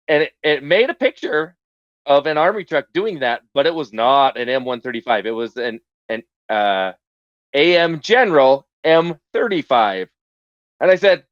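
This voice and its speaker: A man on a podcast telling a story in casual chat, hesitant with many restarts, getting animated as he goes. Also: medium pitch, normal speed, no echo, muffled recording.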